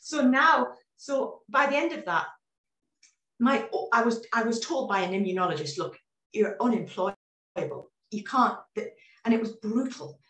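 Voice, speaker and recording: A woman in her forties, a guest in a casual interview chat, telling her story in an animated way with many restarts, heard over a video call. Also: a little high, normal speed, reverberant, recorded from a distance. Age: 40s.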